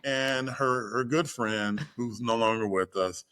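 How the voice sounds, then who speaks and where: Guy telling a story, animated, does voices for the people in it. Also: medium pitch, measured pace. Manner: animated, acts out quoted voices. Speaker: guest storyteller. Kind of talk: casual storytelling.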